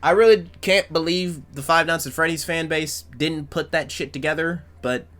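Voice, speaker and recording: A man doing casual fan commentary, rambling loosely and swearing freely. His voice sits fairly high and gets animated as he talks. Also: normal speed. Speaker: YouTuber.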